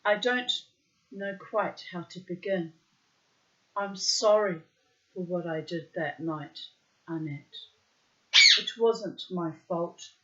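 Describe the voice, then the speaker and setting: A woman's voice: lowish voice, slow, long pauses, lo-fi sound. A woman reading the lines of an earnest young male German soldier, pleading in her own narrating voice.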